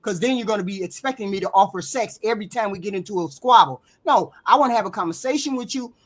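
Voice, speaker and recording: A woman's voice: mid-range voice, fast. Woman co-host, mid-range voice, insistent and argumentative in casual debate. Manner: insistent, interrupts to finish her point. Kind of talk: heated casual panel debate.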